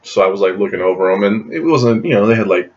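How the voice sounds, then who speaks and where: A man's voice: animated, quick pace. A man casually telling a long personal story to his camera, rambling with restarts and laughing often, in a dull lo-fi recording. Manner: jumps high in pitch when acting out his own surprise.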